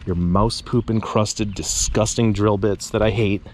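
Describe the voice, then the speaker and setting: A trash-picking vlogger talks casually to camera on a suburban street outdoors, chatting to viewers with joking asides. His voice is lowish and fairly even, his pace unhurried, and the background is noisy.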